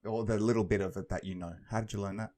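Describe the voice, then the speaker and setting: Casting: young Aussie podcast co-host, lowish voice, playful straight man who teases and laughs. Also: steady tone, very fast, a little mellow. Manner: playful mock-sincere, teasing questions, laughs often. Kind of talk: comedic podcast banter.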